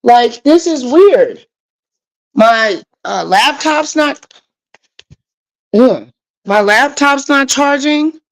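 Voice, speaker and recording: Woman streamer, fairly high voice, rambling chat to viewers on a phone mic. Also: lively intonation, drawn-out words, pauses often, poor audio. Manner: frustrated, rambling, talks straight to viewers. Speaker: livestream host. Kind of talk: casual livestream chat.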